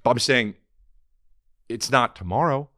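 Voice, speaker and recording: A man's voice: medium pitch, a little slow, a bit bright, dry recording, studio quality. A man co-hosting a podcast, talking in a loose, profane, joking way and bursting into mock singing. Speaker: podcast co-host. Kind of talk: casual comedic chat.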